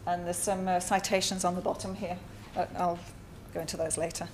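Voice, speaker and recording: Woman giving a measured conference talk. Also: lowish voice, little pitch movement, a little hiss or hum. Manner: measured, with frequent fillers and pauses. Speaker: artist presenting at a symposium. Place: lecture hall.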